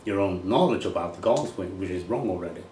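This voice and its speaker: A man's voice: sits low, animated, quick pace, warm tone, distant mic. A man from Sweden with a Swedish accent, a golf coach talking bluntly and rambling in a casual monologue, swearing now and then. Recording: echoey room with faint ambient noise.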